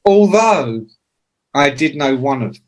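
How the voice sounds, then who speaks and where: A man in his sixties, a music journalist, telling anecdotes as a podcast guest, casual and swearing, with loud imitations. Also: mid-range voice, unhurried. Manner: animated anecdotes with shouted imitations. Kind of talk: casual storytelling.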